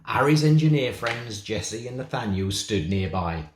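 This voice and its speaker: A man from England reads a children's picture book aloud and breaks off for playful, chatty asides. His voice is very animated and moves freely up and down. The recording has a roomy echo. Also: mid-range voice, measured pace, a little hiss or hum. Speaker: storybook reader for a synagogue.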